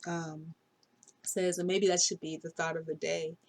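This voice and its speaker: With a low pitch, flat delivery, and measured pace, a middle-aged woman describes her dreams for her dream vlog. The casual monologue rambles and sounds unsure, thick with fillers and corrections of herself.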